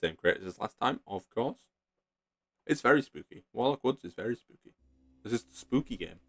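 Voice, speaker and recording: A man's voice: mid-range voice, expressive, moderate pace, fairly bright tone. A man casually commenting while he plays a story game, in a playful, laid-back way. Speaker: gaming video creator.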